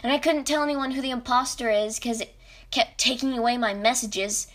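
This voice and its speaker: A young woman telling a rambling, animated story about a video game as a podcast host. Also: fairly high pitch, a little fast. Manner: rambling, animated, self-interrupting. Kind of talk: casual storytelling.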